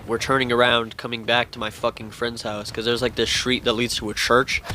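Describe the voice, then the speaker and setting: A man's voice: medium pitch, flat delivery, a little fast, pushed and bright, slight background noise. A young man telling a spooky story to camera in a rambling, casual way, swearing constantly. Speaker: vlogger telling a scary story.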